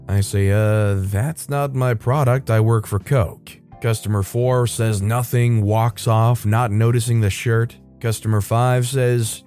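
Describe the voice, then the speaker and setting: A man reading reddit stories aloud, with wry asides and quick put-on voices for the people in them. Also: medium pitch, a little mellow, soft background music. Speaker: story narrator.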